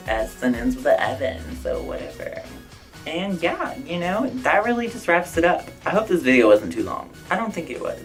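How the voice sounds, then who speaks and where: A man's voice: fairly high pitch, very animated, normal speed, poor audio. Young man, casual vlog Q&A, chatty, outspoken, faint music behind. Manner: chatty, outspoken, lots of "like" and "I don't know". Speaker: vlogger answering viewer questions.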